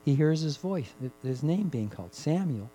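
A man preaching a sermon, rising to loud emphatic peaks and dropping to hushed, drawn-out phrases, repeating key words for emphasis. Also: a little high, lively intonation, slight background noise, rough recording. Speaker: pastor.

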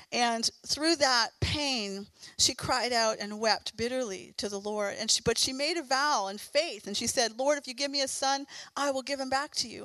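A woman's voice: fairly high pitch, sharp tone, dry recording, rough recording. A middle-aged woman preaching a sermon in an earnest, encouraging and fervent way.

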